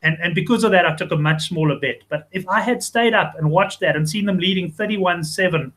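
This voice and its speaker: A man's voice: sits high, fairly quick, fairly bright tone, rough recording. A man hosting a casual sports betting chat show, chatty and rambling with frequent restarts. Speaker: host.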